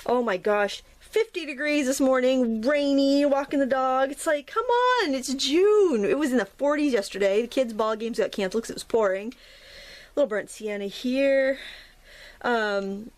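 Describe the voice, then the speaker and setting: A woman's voice: fairly high pitch, moderate pace, a little mellow. A middle-aged woman from New England, chatting and rambling while she teaches a watercolor painting tutorial, often laughing at herself. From New England, United States. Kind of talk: casual narrated painting tutorial.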